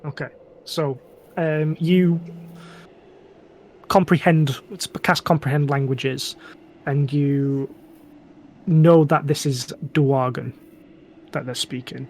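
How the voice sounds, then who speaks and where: A man's voice: a little high, fairly even intonation, slow pace, pauses often, darkish tone, a little hiss or hum. A man, narrating a tabletop game as dungeon master with many ums and restarts.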